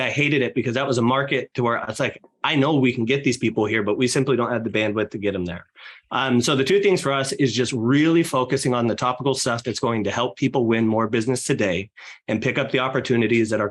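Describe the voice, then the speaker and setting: A man talks on a podcast at an even middle pitch and a brisk pace. He is energetic and keeps acting out lines from his talks with clients. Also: breathy edge. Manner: fast, energetic, acts out client dialogue. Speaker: real estate team leader guest. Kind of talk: podcast interview talk.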